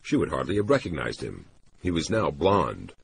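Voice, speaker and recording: A man doing scripted audiobook narration, expressive and voicing characters. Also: extremely low pitch, moderate pace, creaky, noisy background.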